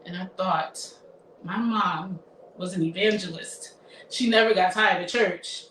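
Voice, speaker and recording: A woman in her fifties shares a personal story in an emotional, reflective voice, often halting and restarting. Her tone is bright and forward. She sounds a little far from the mic in an echoey room, with a faint hiss behind her. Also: mid-range voice. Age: 50s. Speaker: therapist. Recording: roomy echo, somewhat far from mic, faint noise.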